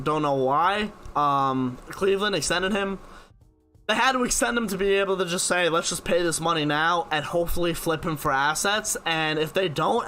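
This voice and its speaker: A man's voice: sits high, pushed and bright. A young man, hosting a live stream and casually answering viewers' sports questions by name. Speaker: live stream host reading chat questions.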